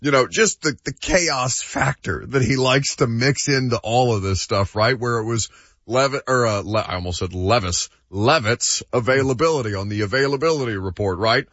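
A man's voice: medium pitch, normal speed, a bit bright, no echo, lo-fi sound. A man co-hosting a sports talk show, giving opinionated takes in casual debate and laughing easily.

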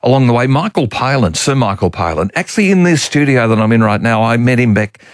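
A man's voice: mid-range voice, big pitch swings, fast, dry recording. A male morning radio host speaks into a studio microphone, and the sound is close and dry. He chats in a genial, rambling way, with small chuckles between his anecdotes.

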